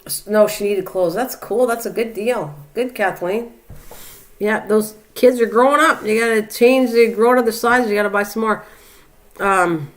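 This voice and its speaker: Rambling, chatty older woman. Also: mid-range voice. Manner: rambling, chatty, reads viewer comments aloud and answers them. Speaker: live stream host. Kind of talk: casual chat.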